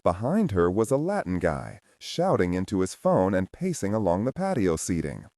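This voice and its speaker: Deep-voiced male audiobook narrator. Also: huge pitch swings, normal speed, warm tone, no echo, clean studio sound. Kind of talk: scripted narration.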